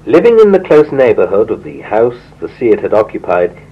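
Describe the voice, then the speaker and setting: A man reading a history book aloud in measured, expressive narration, lifting his voice for the quoted speech. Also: fairly low pitch, husky, highs cut off. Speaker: reader.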